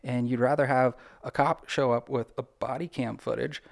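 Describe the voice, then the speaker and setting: A man speaking as a guest on a podcast interview, his voice gravelly with a creaky edge. He explains his points in a lively, conversational way, full of "like"s and asides. He sounds like a practical lawyer giving frank advice. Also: medium pitch, moderate pace. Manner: animated, talks things through with lots of "like" and acted-out quotes. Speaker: personal injury attorney, podcast guest.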